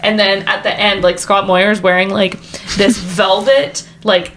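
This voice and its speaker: A woman's voice: mid-range voice, little pitch movement, unhurried, a bit bright, a little hiss or hum. A young woman co-hosting a podcast in casual chat, blunt and swearing casually. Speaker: podcast co-host.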